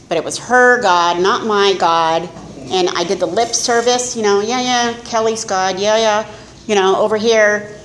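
With a medium-pitched voice, a middle-aged woman speaks at a recovery meeting, sharing a candid testimony laced with self-mockery. Slight background noise comes through, and the room is echoey with faint ambience.

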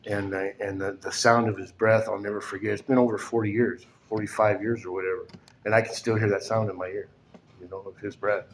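A man in his sixties, his voice sitting fairly low. He tells a personal story haltingly, with many "and, uh" pauses, and often drops almost to a whisper. Faint ambient noise lies under his voice. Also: flat delivery. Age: 60s. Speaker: storyteller recounting his past. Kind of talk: personal testimony.

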